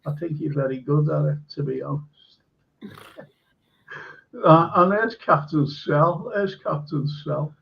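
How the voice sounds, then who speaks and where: A man hosting a casual live-streamed football chat, his slightly high voice carrying a gravelly fry. He hands out blunt, emphatic verdicts padded with fillers, and the sound is dull and lo-fi. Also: a little slow, pauses often.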